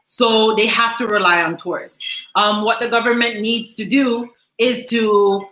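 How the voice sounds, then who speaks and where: A woman's voice: fairly high pitch, steady tone, a little slow, bright, forceful tone, roomy sound, rough recording. A Jamaican woman hosting a vlog, chatting casually and laughing as she reads viewer comments, slipping into patois phrases. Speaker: vlog host.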